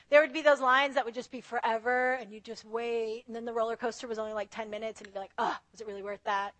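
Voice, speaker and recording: Bright high-voiced woman preaching. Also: no echo. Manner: earnest, conversational, acts out prayers to God. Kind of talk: sermon.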